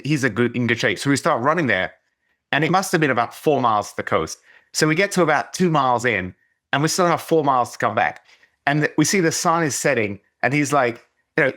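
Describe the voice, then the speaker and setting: A man's voice: mid-range voice, lively intonation, brisk, fairly bright tone. A middle-aged man from England, hosting a podcast and telling a casual, rambling story with many restarts. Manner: rambling, self-interrupting, lots of restarts. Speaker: podcast host.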